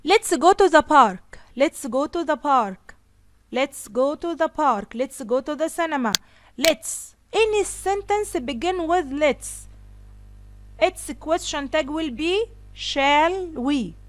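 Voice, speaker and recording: A woman teaching an English grammar lesson, slowly repeating each example sentence. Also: high voice, expressive, a little hiss or hum.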